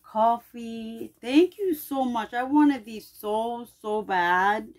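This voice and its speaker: Gushing high-voiced woman opening mail. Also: animated, slow, darkish tone. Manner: gushing, effusive thanks. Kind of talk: casual unboxing chat.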